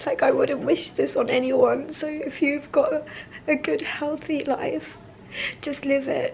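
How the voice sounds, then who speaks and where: Soft-spoken woman with a gravelly edge. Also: high voice, level tone, lo-fi sound, a little hiss or hum. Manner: soft-spoken and halting, with trailing restarts. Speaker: vlogger. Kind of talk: candid personal vlog. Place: hospital room.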